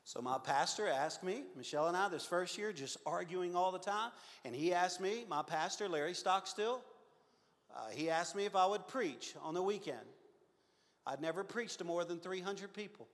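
A man in his fifties, a pastor telling a personal story in a sermon, earnest and confessional, swinging from loud to hushed. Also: sits high, animated, moderate pace. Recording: long hall reverb.

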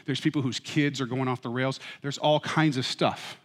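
A middle-aged man preaching a sermon as pastor, with humorous, animated storytelling. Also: medium pitch, normal speed. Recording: reverberant hall.

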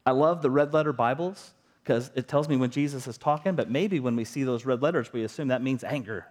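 A man's voice: mid-range voice, fairly quick, darkish tone. A middle-aged man preaching a sermon as a pastor, talking to the congregation in an earnest, conversational way and asking rhetorical questions.

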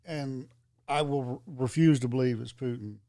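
A man's voice: mid-range voice, fairly even intonation, normal speed, warm tone, no echo, studio quality. A man talking bluntly and dismissively in a casual chat.

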